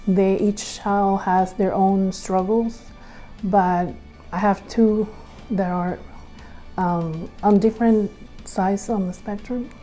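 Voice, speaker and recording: A woman's voice: medium pitch, steady tone, warm tone, soft background music. A woman clinic owner speaking in an interview, hesitant and searching for words. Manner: halting, searching for words, emotional.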